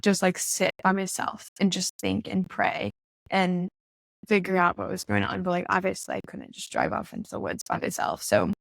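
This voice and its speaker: Young woman with a gravelly, dry voice. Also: on the low side, sing-song, normal speed, no echo. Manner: chatty, full of "like" and reenacted quotes. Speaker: podcast guest. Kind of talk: casual storytelling conversation. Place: in-person podcast studio.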